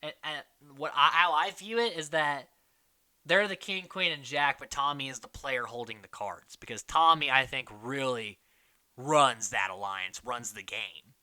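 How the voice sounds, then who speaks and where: A man hosting a casual recap, chatting quickly and mimicking the people he quotes. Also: mid-range voice, pushed and bright, clean tone. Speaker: podcast host recapping a reality show.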